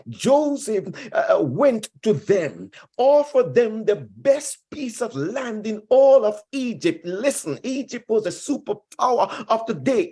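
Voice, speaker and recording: A man's voice: high-pitched, a little mellow, slightly rough. A male pastor preaching a sermon with emphasis, repeating key phrases and speaking directly to his congregation.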